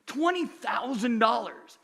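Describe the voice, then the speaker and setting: A young man, a youth pastor, telling a story in a sermon, animated, acting out the characters' lines. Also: very high-pitched, takes it slowly, gravelly.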